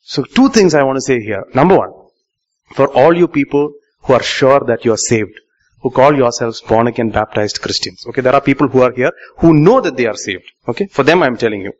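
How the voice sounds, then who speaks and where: A man's voice: medium pitch, expressive, normal speed. A male pastor, preaching a sermon and questioning the congregation, repeating key lines for emphasis. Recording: muffled live sermon recording.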